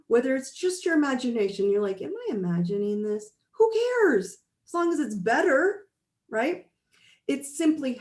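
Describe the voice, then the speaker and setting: A woman's voice: high voice, darkish tone, roomy sound. A middle-aged woman life coach giving a blunt, emphatic motivational talk on a live stream.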